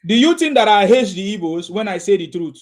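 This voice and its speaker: A high-pitched man hosting a live call-in show. He talks in a combative, mocking way and hammers the same line over and over. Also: big pitch swings, a little fast. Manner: combative, mocking, repeats himself. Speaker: host. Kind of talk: heated live call-in chat.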